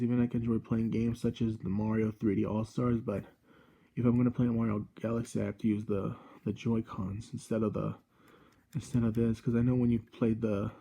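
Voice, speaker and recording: A man in his twenties hosts a casual gadget review vlog from a room at home, rambling and halting with constant self-corrections. His voice is on the low side, creaky and warm.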